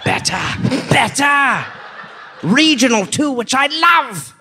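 A man puts on a boastful English deserter with a mock-posh put-on English accent, chattering away about his disguises. The voice sits high and bright, bouncing around in pitch, with a smug, self-satisfied sing-song. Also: animated, takes it slowly, a little hiss or hum, full character voice. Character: pompous English male army deserter posing as Kentuckian. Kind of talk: improvised comic bit on a live podcast.

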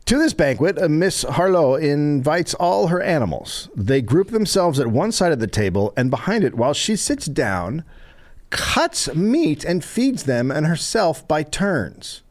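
A man's voice: a little high, big pitch swings, unhurried. A man hosting a podcast, reading an old newspaper aloud and breaking off for wry remarks. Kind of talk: reading aloud with comedic asides.

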